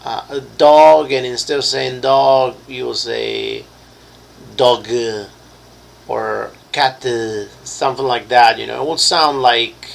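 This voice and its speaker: A man narrating a tabletop horror game as game master, halting and searching for words with many fillers. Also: mid-range voice, fairly even intonation, creaky, poor audio.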